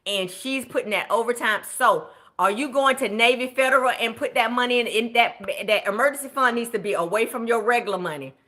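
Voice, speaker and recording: Woman, budget coach, clear bright tone, chatty live stream, encouraging. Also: a little high, brisk, few pauses. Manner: chatty, encouraging, cheers viewers on by name. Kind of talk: live-stream coaching, reading viewer comments.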